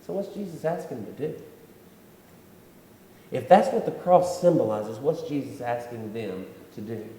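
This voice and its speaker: A man's voice: medium pitch, expressive, normal speed, long pauses, dark tone. A man preaching a sermon in a church hall, talking in a conversational way and repeating his key points. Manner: conversational preaching with repetitions and acted-out quotes. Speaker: pastor. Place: church sanctuary.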